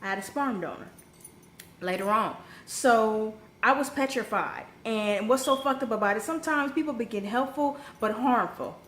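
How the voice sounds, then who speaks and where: Young woman, storytime vlogger, higher voice, blunt and salty, heats up fast; echoey home room. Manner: blunt, profane, animated storytelling with sudden rises. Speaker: vlogger telling a personal story. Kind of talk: casual storytime monologue. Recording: echoey room with faint background noise.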